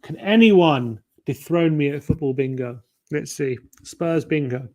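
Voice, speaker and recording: A fan channel host chats casually on a livestream as he plays a quiz, muttering guesses to himself. His voice is a little high and warm, and he keeps a measured pace.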